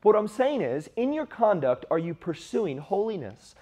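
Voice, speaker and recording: A man's voice: high-pitched, big pitch swings, normal speed, mellow. A man preaching a sermon to young men, emphatic and conversational, with frequent rhetorical questions. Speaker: youth preacher.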